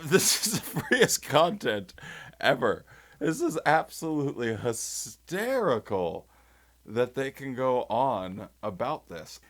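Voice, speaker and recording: A young man giving casual commentary, sarcastic and mocking, often laughing and breaking off mid-thought. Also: medium pitch. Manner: sarcastic, animated, laughing mockery. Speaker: video commentator.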